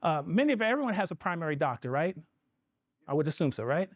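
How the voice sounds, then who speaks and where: A middle-aged man talks through a live seminar with an energetic, conversational delivery and keeps putting questions to the room. His voice sits a bit high for a man, and the sound is dry and close, with little room reflection. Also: fast talker, dry recording. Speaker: financial planning presenter.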